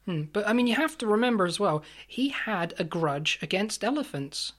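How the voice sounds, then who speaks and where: Female co-host, middle pitch, giggly sarcastic banter. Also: animated, normal speed. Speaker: podcast co-host. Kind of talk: casual comedic chat.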